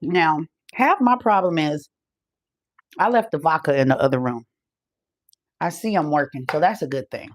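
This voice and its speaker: A woman's voice: low voice, lively intonation, moderate pace, long pauses. A woman in her forties hosting a casual live podcast, out of breath, chatting loosely. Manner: loose, chatty, swears and laughs easily. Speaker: podcast host. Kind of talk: casual live-stream chat.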